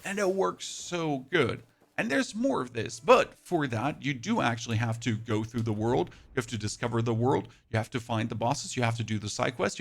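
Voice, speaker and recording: German man narrating gameplay, gravelly edge. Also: a little high, fairly bright tone. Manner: enthusiastic, rapid play-by-play calls. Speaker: gaming youtuber. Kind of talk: gameplay commentary.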